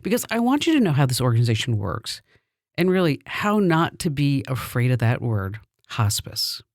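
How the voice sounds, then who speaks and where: A woman's voice: sits low, big pitch swings, a little fast, a little mellow, no room sound, clean studio sound. A middle-aged woman hosting a podcast, telling personal stories in a chatty way and laughing between lines. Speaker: podcast host.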